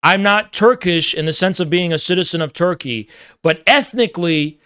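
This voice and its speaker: A man's voice: high voice, moderate pace, pushed and bright, smooth, dry recording, clean studio sound. A man delivering a provocative, emphatic ranting monologue, repeating phrases for effect. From United States. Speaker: political commentator.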